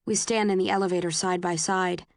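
A woman reading a novel aloud in the first person, earnest and emotional, voicing the heroine's outbursts with sharp rises. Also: on the low side, fairly even intonation, brisk, no echo, studio quality. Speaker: audiobook narrator.

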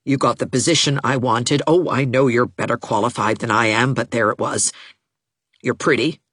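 A woman reader voicing a bitter, lonely young woman teacher who speaks haltingly and with self-pity, in an audiobook. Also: a bass voice, steady tone, a bit bright, slightly rough, dry recording, studio quality, exaggerated voice. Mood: rueful. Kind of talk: audiobook character voice.

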